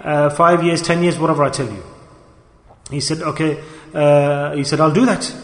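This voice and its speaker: Man preaching, high voice, urgent repeated questions, echoey hall with long reverb. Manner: urgent, questioning, repeats phrases, rapid bursts. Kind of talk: sermon storytelling.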